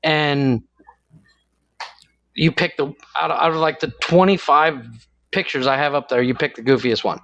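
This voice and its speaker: A man co-hosting a podcast, chatting casually and telling animated stories with frequent laughs. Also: on the high side, normal speed, pauses often, dull audio. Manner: laughs often, tells animated anecdotes. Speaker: podcast co-host. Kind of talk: casual chat.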